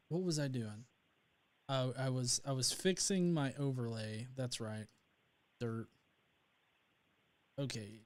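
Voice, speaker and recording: A man's voice: medium pitch, darkish tone. A young man from North Alabama hosting a casual livestream, rambling with many fillers and restarts. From North Alabama, USA. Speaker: livestream host.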